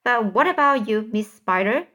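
A woman's voice: on the high side, animated, normal speed, a bit bright. A woman voicing a polite, curious young boy asking earnest questions in a storybook reading.

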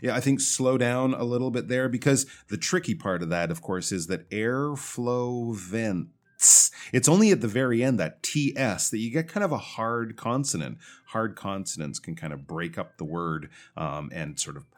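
Man, pronunciation teacher, lowish voice, patient, explanatory, slows down on example words. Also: lively intonation. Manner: patient, explanatory, drawls words slowly to demonstrate. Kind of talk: feedback on listener recordings.

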